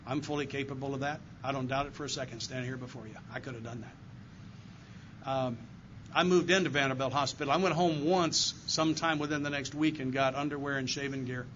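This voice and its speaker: An older man tells his recovery story to a meeting audience as an AA circuit speaker, earnest and heartfelt and speaking directly to them. His medium-pitched voice is steady and brisk. The dull, lo-fi live recording from the meeting room carries background noise.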